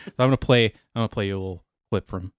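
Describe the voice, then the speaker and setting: Podcast co-host, male, low pitch, dry relaxed delivery. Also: very fast, no echo. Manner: relaxed, sets up topics and clips. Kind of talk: casual chat.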